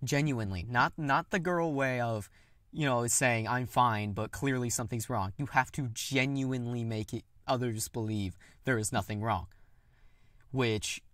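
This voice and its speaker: A young man opens up in a personal, confessional monologue, halting and candid, breaking into nervous laughs. His voice sits at an ordinary pitch, recorded close with a dry sound and no room around it. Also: a bit bright, no echo. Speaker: podcast host.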